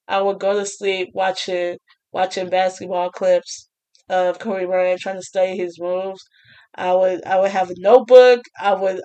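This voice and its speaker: A woman's voice: medium pitch, clear, resonant tone. A young woman telling a casual storytime, chatty, with frequent laughs and restarts. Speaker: vlogger.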